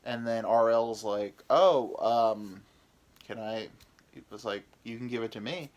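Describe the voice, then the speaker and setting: A man's voice: medium pitch, measured pace, darkish tone, highs cut off. A young American man, a podcast host, telling a rambling, profane, self-mocking story in a casual comedic way. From United States.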